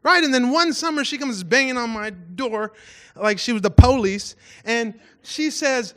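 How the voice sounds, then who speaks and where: A man pastor giving a casual storytelling sermon, animated and self-mocking, acting out voices in his stories. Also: extremely high pitch, normal speed.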